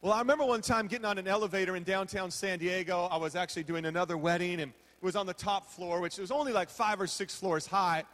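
A man's voice: sits high, fairly even intonation, fast, few pauses, a bit bright, long reverb tail. A man preaching a sermon as pastor from a podium, telling stories with humor and acting out his own reactions. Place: large hall with a podium.

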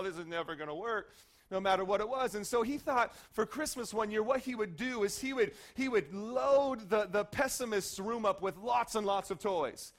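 A man in his forties preaching a sermon as pastor, telling stories with lively acted-out voices and sudden shouts. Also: sits high. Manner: animated storytelling, acting out voices and shouts.

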